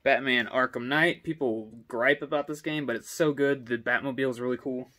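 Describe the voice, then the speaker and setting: A man's voice: mid-range voice, fairly even intonation, fairly quick, sharp tone. A young man giving a casual, rambling walkthrough of his game collection at home, filmed on a selfie stick, full of ums and uhs. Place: indoor home with stairs. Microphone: selfie stick camera.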